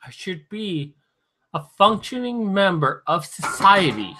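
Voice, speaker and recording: A drunk man talking to his stream viewers with slurred, halting speech, sometimes very soft. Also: sits high, big pitch swings, noisy background. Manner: talks softly at times. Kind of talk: drunken livestream monologue.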